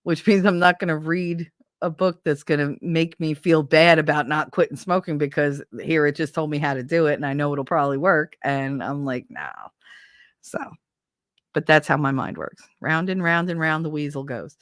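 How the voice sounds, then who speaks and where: A woman's voice: sits low, fairly even intonation, normal speed, no echo. Woman streamer, casual and profane, laughs a lot, dry close mic. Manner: chatty, swears freely, laughs often. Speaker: livestream host reading chat. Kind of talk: casual unscripted chat.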